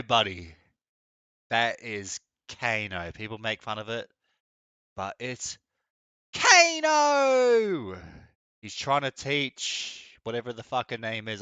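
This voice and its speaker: A man's voice: on the low side, lively intonation, a little slow, bright, forceful tone, clean tone, dry recording. A young man chatting casually on a live gaming stream, blunt, opinionated and mocking. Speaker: game streamer.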